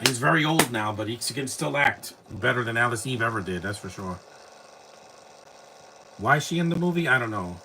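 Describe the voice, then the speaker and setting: A man's voice: mid-range voice, expressive, moderate pace, pauses often, noisy background. A man giving casual, opinionated live commentary while watching a movie, rambling and blunt.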